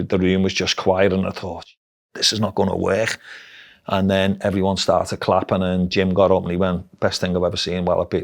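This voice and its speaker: A middle-aged man with a Liverpool Scouse accent, telling his life story bluntly and frankly in an interview. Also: low-pitched. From Liverpool, England. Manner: blunt, dialect-heavy, frank. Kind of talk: candid personal storytelling.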